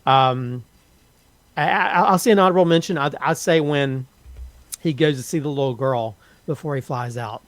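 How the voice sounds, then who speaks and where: A man reviewing a film on a casual podcast, openly moved and halting, with many restarts and repeated words. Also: mid-range voice, dry recording. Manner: openly emotional, moved to tears.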